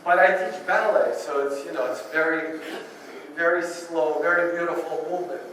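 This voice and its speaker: A man with a Russian accent addresses a group, earnest and encouraging, with dry humor aimed at himself. His voice sits high for a man. He is picked up from some distance in a very echoey meeting room with faint noise behind him. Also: normal speed, a bit bright. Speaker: ballet teacher speaking to a Parkinson's group. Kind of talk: public talk.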